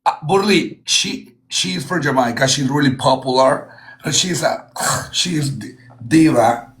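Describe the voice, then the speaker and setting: High-voiced guy hosting a livestream, gushes nonstop in broken english, throws in spanish. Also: a little slow, fairly bright tone. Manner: gushing, effusive broken English; mixes in Spanish phrases. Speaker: livestream battle host. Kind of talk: casual livestream chat.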